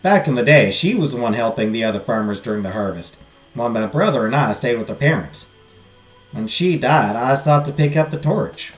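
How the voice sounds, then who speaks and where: A man's voice: medium pitch, lively intonation, a little fast, echoey room, faint music behind, pitched below the performer's own voice, close to an everyday voice. A man doing a wistful farm girl with a Southern drawl. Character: wistful young woman farmer mourning her siblings. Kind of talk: reading game dialogue aloud.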